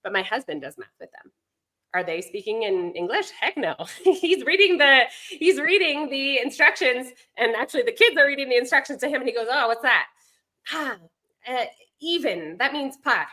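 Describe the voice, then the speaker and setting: A woman's voice: sits high, animated, fairly quick, sharp tone. A woman guest on a podcast interview, chatty, often digressing with fillers. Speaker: guest, homeschooling mom and language instructor.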